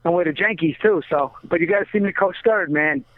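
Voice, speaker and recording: A man calling in by phone from outdoors on a sports field, talking in a brash, boastful, excitable way. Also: high voice, brisk, dry recording. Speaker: phone-in guest. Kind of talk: casual chat. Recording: tinny phone line.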